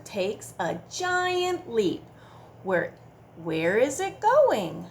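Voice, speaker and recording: Lively, slow-paced woman reading to kids. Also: fairly high pitch, slight background noise. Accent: Midwestern American. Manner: animated, coaxing kids to join in and count. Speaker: children's librarian. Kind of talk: children's storytime reading. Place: public library.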